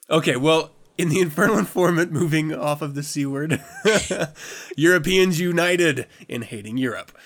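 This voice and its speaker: A man's voice: fairly high pitch, unhurried, long pauses, a bit bright. A man hosting a podcast in a casual chat, laughing often, swearing freely and rambling through restarts. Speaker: podcast host.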